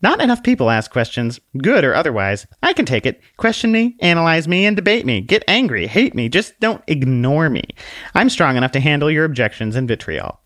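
A man's voice: fairly high pitch, sing-song, fairly quick, a bit bright, no room sound, studio quality, voice pushed up. A man voicing a sassy, condescending little female book who lectures bluntly.

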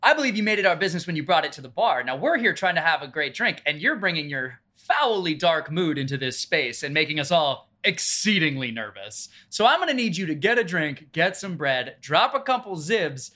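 A man playing a tabletop game, speaking fast and theatrically in character. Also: a little high, big pitch swings, bright, forceful tone. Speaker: player.

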